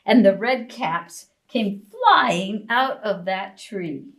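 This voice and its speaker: A woman librarian reading a picture book aloud to young children, expressive and asking them questions. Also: medium pitch, rough recording. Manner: slow, sing-song, expressive, asks children questions. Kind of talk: preschool storytime reading.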